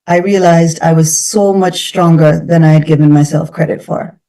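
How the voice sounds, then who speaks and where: A woman with a Jamaican accent, a guest actress in a radio interview, speaking in a thoughtful, measured way with frequent restarts. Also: deep voice, level tone, dark tone. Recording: distant from the microphone.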